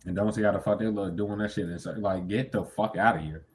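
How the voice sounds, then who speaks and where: A man's voice: on the low side, steady tone, fast, darkish tone, a little hiss or hum. A young man giving a casual tarot reading, talking bluntly and with heavy profanity, breaking into sudden incredulous outbursts. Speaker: tarot reader.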